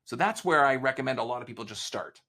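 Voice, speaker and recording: A man's voice: medium pitch, quick pace. A man being interviewed on a podcast about sales, telling stories and acting out the dialogue as he goes. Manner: animated storyteller, acts out quoted dialogue. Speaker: sales author and consultant guest.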